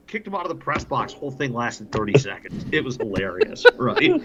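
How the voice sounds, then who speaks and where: A man's voice: mid-range voice, very animated, moderate pace, fairly bright tone, highs cut off. A man, a hockey broadcaster on a podcast, telling casual stories and laughing often as he talks. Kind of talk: casual storytelling.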